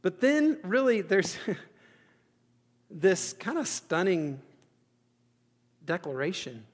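Guy preaching, kinda higher voice, chatty and self-deprecating, long hall echo. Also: sing-song, slow. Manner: conversational, self-deprecating, acts out characters' thoughts. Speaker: pastor. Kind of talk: sermon. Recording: hall reverb.

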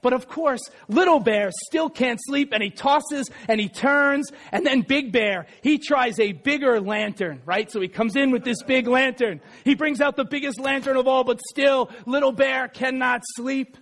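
Chatty high-voiced preacher man. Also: moderate pace, few pauses, a bit bright. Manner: chatty, self-deprecating, many asides. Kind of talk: sermon.

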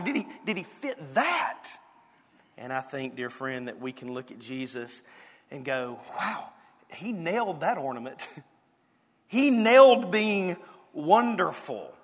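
Southern male pastor, high bright voice, lively sermon, big reverberant hall. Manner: lively, playful preaching with sudden drops to quiet.

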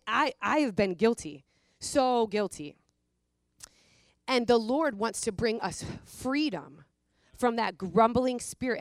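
A woman giving an informal Bible teaching, chatty and animated, often checking in with her listeners and acting out prayers with a laugh. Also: mid-range voice, no echo. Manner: conversational, animated, checks in with "okay?" and "right?"; acts out prayers and quotes with laughing asides.

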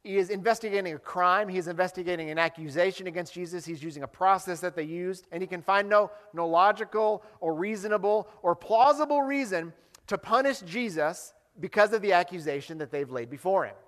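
Male pastor, high-pitched, animated preaching, echoing church hall. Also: fairly quick. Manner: animated, acts out quoted lines. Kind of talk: sermon.

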